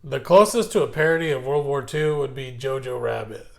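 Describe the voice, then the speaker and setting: A man with a Californian accent co-hosting a podcast in casual chat, animated and swearing as he retells movie scenes. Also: medium pitch, a little fast, creaky. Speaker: podcast co-host.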